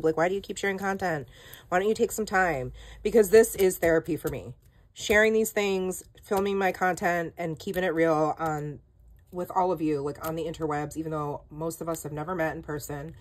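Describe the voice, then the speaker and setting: A woman with a notably low voice shows off her finds in a relaxed, chatty haul vlog. She fills her talk with "like" and "um" and pokes fun at herself. She speaks close to the mic. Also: no room sound. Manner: chatty and self-deprecating, with many "like"s and "um"s. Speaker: planner channel host.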